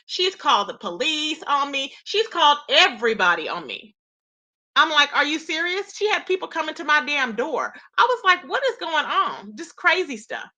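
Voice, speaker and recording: A woman's voice: high-pitched, sharp tone. A woman talking casually to her viewers in a vlog, telling a story with indignation and emphatic asides. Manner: emphatic repeated tag questions. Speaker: YouTuber.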